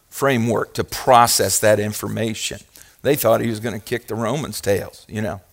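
A man preaching a sermon as pastor, moving from quiet asides to loud, fervent passages and asking the congregation questions. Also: mid-range voice. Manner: talks directly to the congregation with questions.

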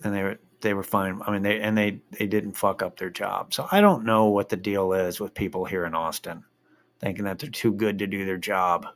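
A man's voice: lowish voice, moderate pace, a bit bright. A man telling a rambling story in a casual monologue, swearing freely and drifting into a rant.

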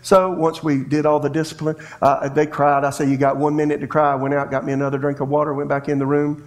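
A man's voice: on the high side, completely flat delivery, fast. A middle-aged man preaching a sermon as pastor, telling folksy stories and acting out family dialogue. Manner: folksy storytelling preacher who acts out dialogue.

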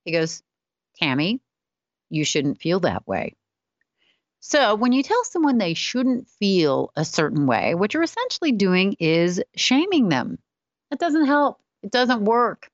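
A woman's voice: fairly low pitch, big pitch swings, unhurried, dry recording, muffled recording. A middle-aged woman, a spiritual wellness teacher, telling a personal story candidly and often laughing at herself.

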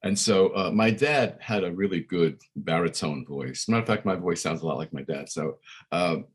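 This Brooklyn-born musician in his 60s sits for a relaxed interview, talking at a normal speed. His voice is husky and on the low side, and his storytelling wanders, packed with fillers and false starts.

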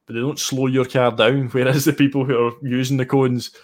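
A man's voice: mid-range voice, flat delivery, a little fast. A man with a Scottish accent, a sim racing guest chatting casually and enthusiastically in an interview, often restarting his phrases.

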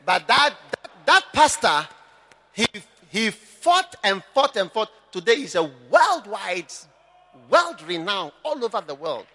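A man preaching with a very high, bright voice that leaps up and down as he drives his points home. He is a pastor in full sermon, impassioned and often breaking into shouts, at times mimicking his listeners. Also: big pitch swings, slow, in a large hall.

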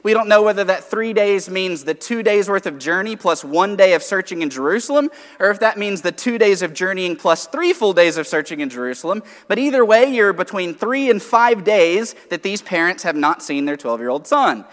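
A man preaching a sermon, teaching conversationally from Scripture and alternating rising emphasis with quiet asides. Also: sits high, expressive, normal speed, hardly any pauses, long reverb tail.

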